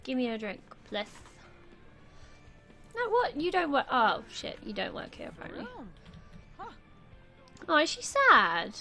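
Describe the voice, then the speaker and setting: Young woman, high bright voice, loose sweary gameplay chatter, faint game music underneath. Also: wildly swooping pitch, a little slow, creaky, pauses often. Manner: chatty, swears freely, talks back at game characters. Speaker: gameplay video host. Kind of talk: casual gameplay commentary.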